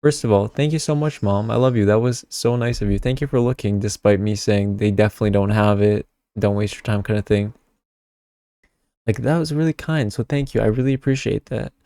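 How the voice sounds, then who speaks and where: A man's voice: on the low side, fairly quick, warm tone, smooth, no room sound, studio quality. A young man telling a story to camera in casual vlog chat, swearing freely and tagging lines with "okay?". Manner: chatty, swears a lot, keeps adding "okay?". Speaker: tarot vlogger.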